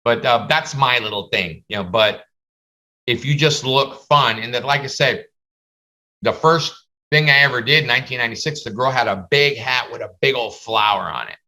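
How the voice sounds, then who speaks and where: A man's voice: mid-range voice, moderate pace, sharp tone. A man teaching a class over a video call, chatty and full of stories. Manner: chatty, storytelling, slips into comic voices. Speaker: face painting instructor.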